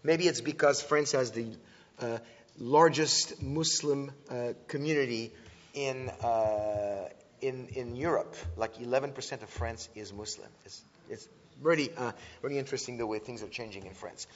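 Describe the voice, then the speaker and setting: A man giving an earnest, animated talk to an audience, often restarting his sentences and filling pauses. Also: mid-range voice. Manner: earnest, with frequent restarts and filler sounds. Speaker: speaker teaching about antisemitism. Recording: dull lo-fi sound with long hall reverb.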